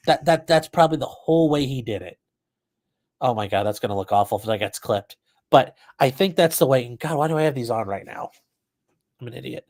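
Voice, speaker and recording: A man's voice: medium pitch, brisk. A man hosting a casual live stream, commenting on a trial and answering chat with blunt, profane asides. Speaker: livestream host commenting on a trial.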